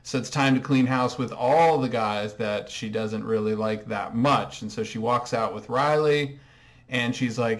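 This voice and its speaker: Male host, dry and sarcastic, mid-pitched voice, comedic show recap. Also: a little slow.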